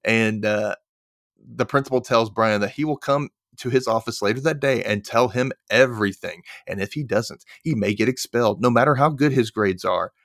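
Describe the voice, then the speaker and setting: A man's voice: medium pitch, a bit bright, no echo, studio quality. A man hosting a podcast, casually recapping a TV episode and acting out lines as he goes. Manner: retells scenes with quick voiced asides. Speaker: podcast host.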